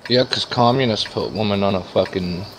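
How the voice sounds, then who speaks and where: Crude joking gamer man, lowish voice. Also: normal speed, crowd noise. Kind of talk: casual gaming chat with friends. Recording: game audio and gunfire underneath.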